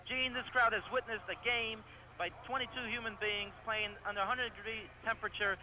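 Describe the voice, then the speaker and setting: Fast-talking enthusiastic soccer color man. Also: high-pitched, steady tone, noisy background. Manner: enthusiastic, partisan, quick analysis. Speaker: color commentator. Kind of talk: live soccer analysis.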